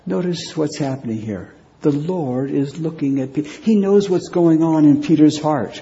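A man preaching a sermon as pastor, speaking deliberately and repeating key phrases for weight. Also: on the high side, mellow, lo-fi sound.

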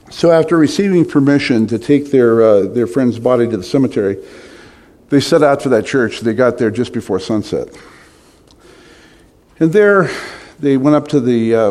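A man's voice: mid-range voice, a little mellow. A middle-aged man preaching a sermon, telling stories with emphatic, rising stresses.

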